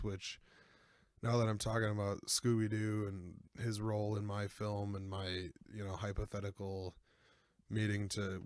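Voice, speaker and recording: A man's voice: lowish voice, a little mellow, dry recording, clean studio sound. A man in his twenties hosting a podcast, rambling and joking in a casual, self-deprecating chat. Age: 20s. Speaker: podcast host.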